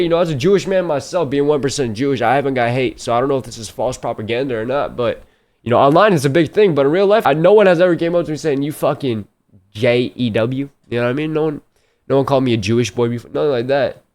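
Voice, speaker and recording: A man's voice: mid-range voice, quick pace, darkish tone. A young man streaming a reaction video, chatting loosely with jokey, profane banter. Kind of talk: casual reaction commentary.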